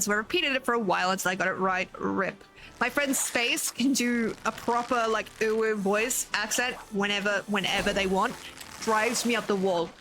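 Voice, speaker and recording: A woman's voice: mid-range voice, sharp tone. Casual Australian woman streamer. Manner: chatty, swears freely, thanks viewers. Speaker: game streamer. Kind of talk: casual live-stream chat while gaming.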